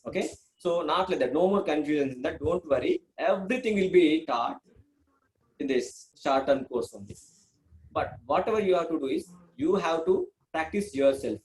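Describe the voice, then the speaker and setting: Man, Indian English accent, teacher, beginners' lesson, slightly high voice, lots of fillers, repeats himself. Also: normal speed, a little hiss or hum, rough recording. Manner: repeats himself, many fillers, lively pitch swings. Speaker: language teacher.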